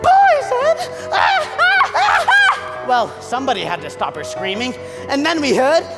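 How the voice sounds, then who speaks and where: A man playing a theatrical butler who narrates in a school stage play, telling the story with dramatic, animated energy. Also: very high-pitched, fairly quick, heavily acted. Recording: long hall reverb with loud music.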